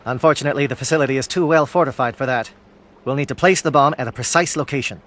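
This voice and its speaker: An actor playing a stern, disciplined alien military captain in a video game, speaking in formal, clipped military phrases. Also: male voice, mid-range voice, quick pace, a bit bright, close to an everyday voice. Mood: resolute. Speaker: commander briefing troops.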